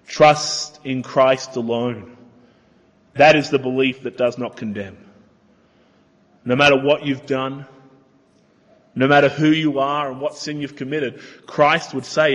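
A man preaching a sermon in a church, earnest and emphatic, slowing down to stress his key points. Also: mid-range voice, long reverb tail.

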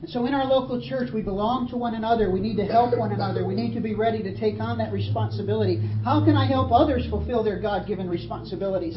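A woman's voice: on the high side, muffled recording, noisy background. Earnest woman preaching in a roomy hall. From Australia. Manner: earnest, emphatic preaching with dramatic read quotes. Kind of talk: sermon.

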